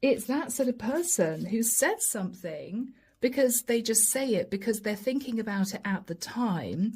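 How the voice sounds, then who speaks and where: A chatty woman reads tarot cards to her viewers with a fairly high, mellow voice. Her tone has a husky, breathy edge. She talks lively and loose, often mimicking the people she describes. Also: normal speed. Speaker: tarot reader. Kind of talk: chatty tarot reading to camera.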